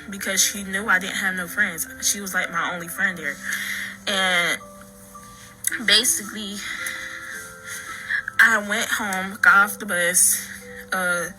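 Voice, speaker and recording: A woman recounting her own story in halting, earnest talk full of restarts and fillers. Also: fairly low pitch, bright, forceful tone, low-quality recording. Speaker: daughter telling her story. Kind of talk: personal account.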